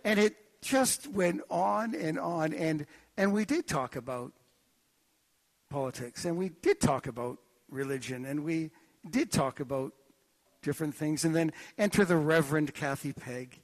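A man preaching a sermon in a church, telling stories in an animated, joking way. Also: fairly high pitch, unhurried. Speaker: pastor. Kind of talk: sermon with anecdotes.

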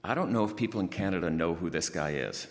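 A man preaching a sermon, telling a story in a lively way and praying in a hushed voice. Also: low-pitched, quick pace. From outside the United States. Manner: lively anecdotal delivery, hushed in prayer. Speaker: pastor. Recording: long hall reverb.

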